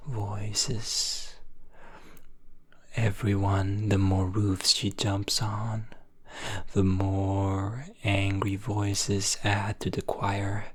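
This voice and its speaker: A man telling a story in a slow, breathy ASMR whisper. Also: lowish voice.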